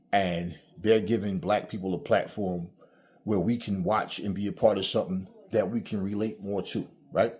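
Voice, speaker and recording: A man's voice: fairly low pitch, darkish tone. A middle-aged man, the channel's host, ranting casually and profanely, acting out mock quotes as he tells his stories. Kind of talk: casual vlog rant.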